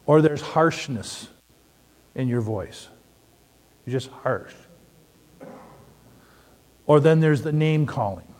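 A middle-aged man preaching a sermon, telling stories and asking the audience questions in an animated way. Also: on the high side, slow, pauses often. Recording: long hall reverb.

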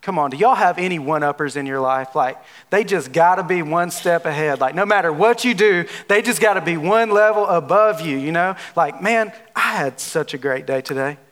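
A man's voice: fairly high pitch, fairly quick, few pauses, a bit bright. A man pastor giving a casual, joking sermon, talking with the congregation. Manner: playful, conversational, jokes with the audience.

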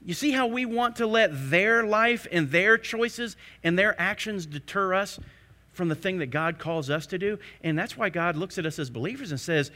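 A man preaching a sermon. He keeps asking the congregation rhetorical questions, building to emphatic peaks before dropping low again. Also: lively intonation, normal speed, bright, forceful tone.

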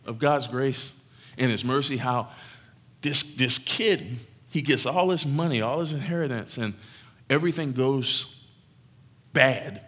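A man preaching a sermon in an animated, conversational way, teasing his congregation. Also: medium pitch, husky.

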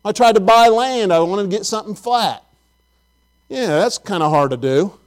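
A middle-aged pastor with a notably high voice for a man, preaching in a homey, conversational way. He tells stories and talks straight to his congregation. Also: lively intonation, normal speed. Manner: folksy, storytelling, chatty with the congregation. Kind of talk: sermon.

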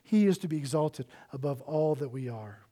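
Impassioned high-voiced male pastor. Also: expressive, moderate pace. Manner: swings between loud emphasis and hushed near-whisper; earnest, impassioned preaching. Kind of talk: sermon.

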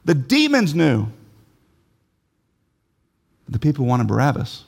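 A man's voice: on the high side, wildly swooping pitch, takes it slowly, vocal fry, darkish tone. A man preaching a sermon, emphatic, repeating key phrases and putting questions to his listeners.

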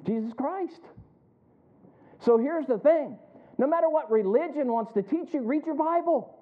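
High-voiced preacher on a tinny line. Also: male voice, expressive. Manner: calls for responses, quotes scripture slowly with emphasis. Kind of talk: sermon. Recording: tinny phone-like sound.

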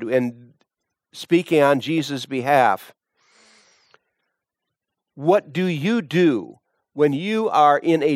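A male preacher delivers a sermon at an unhurried, measured pace. His voice is recorded dry and close, with no room sound. He moves from calm scripture reading into fervent, high-pitched appeals. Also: dry recording. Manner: slow, deliberate preaching that rises to impassioned high pitch.

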